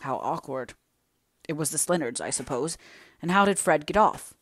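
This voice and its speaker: A woman's voice: low-pitched, expressive, normal speed, slightly rough, dry recording, clean studio sound. A woman voicing a kindly elderly male family friend in an audiobook, speaking in a soothing, earnestly reassuring way. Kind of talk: audiobook character reading.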